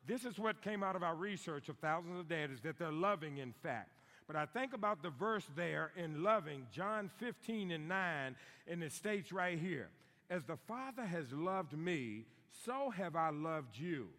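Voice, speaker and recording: A middle-aged man preaching a sermon in a church, emphatic and repeating key lines slowly for stress. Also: a little high, lively intonation, fairly bright tone. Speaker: guest preacher on fathering. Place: church sanctuary. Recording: long hall reverb.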